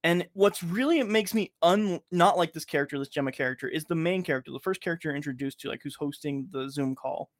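A man's voice: on the high side, fast talker, hardly any pauses, dry recording. A man hosting a podcast in casual chat. He rambles and swears, with lots of filler words. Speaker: podcast host.

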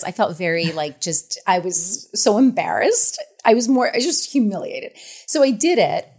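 A middle-aged woman speaking as an author and podcast guest, frank and animated, laughing often. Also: lowish voice, normal speed, gravelly. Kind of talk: candid podcast conversation.

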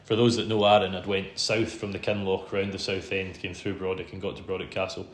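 In a podcast interview, a Scottish man who normally hosts tells a long story casually, chatting, running himself down and laughing often. His deep voice is level in tone and brisk. The space sounds roomy, with a faint background hum.

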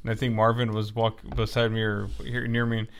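A man's voice: lowish voice, little pitch movement, brisk, creaky, smooth. Guy in his 30s telling rambly stories on a podcast, laughs a lot. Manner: rambling, laughing often, restarts. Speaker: podcast co-host. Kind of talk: casual chat.

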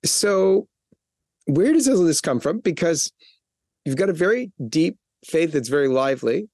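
A man hosting an interview, giving expressive, encouraging prompts and short reactions. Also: on the high side, unhurried, no room sound, clean studio sound. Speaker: interview host. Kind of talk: conversational interview.

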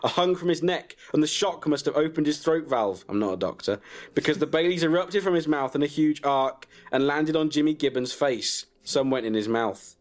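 Deadpan man telling a crude story. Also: fairly high pitch, moderate pace. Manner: deadpan, crude, breaks into laughter. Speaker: comic storyteller. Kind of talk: comic reading of a personal story.

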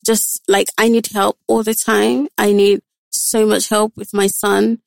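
A woman's voice: medium pitch, little pitch movement, unhurried, vocal fry, no echo. A young woman guest on a podcast, talking candidly and earnestly about her daily life and quoting others in short exchanges. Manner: frank, earnest, quotes others in dialogue. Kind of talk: candid personal talk.

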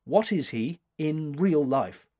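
A brisk, imperious old woman critic fires off curt questions, put on by a man reading a storybook aloud. Her lines swing lively and high, with a husky grain to the voice. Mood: brisk commanding. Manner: curt, commanding, searching questions. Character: sharp, imperious elderly woman art critic.

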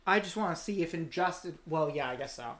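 A podcast co-host chatting casually, with a joking tone and quick asides. The voice sits at a middling pitch, and the delivery is relaxed and talkative. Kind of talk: casual chat.

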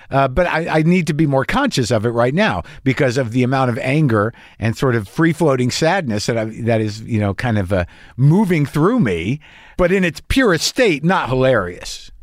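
A man's voice: medium pitch, no echo, studio quality. Restless, wry fifty-something man rambling. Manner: self-questioning, wry, restless, circling back on himself. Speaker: podcast host and comedian. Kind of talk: rambling confessional monologue.

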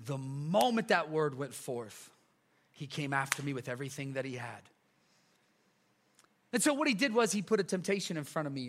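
A male pastor preaching a casual, energetic sermon to a church congregation, full of slang, repeats and asides. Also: fairly high pitch, normal speed, pauses often, slight background noise. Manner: lively, chatty preaching with slang and repetitions. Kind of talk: sermon with a live illustration.

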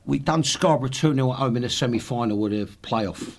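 A man's voice: medium pitch, quick pace. A man in his sixties, a podcast guest, telling swearing football anecdotes with laughs. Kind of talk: casual storytelling.

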